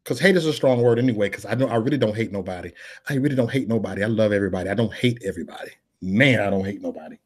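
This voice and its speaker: A man's voice: lowish voice, racing, breathy edge. Emphatic Chicago man preaching in street slang. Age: 40s. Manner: repetitive, emphatic, conversational.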